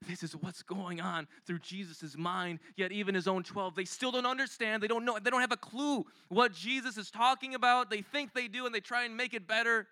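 A man preaching a conversational, animated sermon full of rhetorical questions. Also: high-pitched, moderate pace, hardly any pauses, no room sound.

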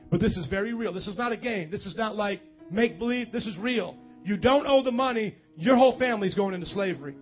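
A male pastor preaching an animated sermon, slowing down and acting out the characters in the Bible story. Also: sits high, muffled recording. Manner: animated preaching, acts out Bible characters with emphatic slow lines.

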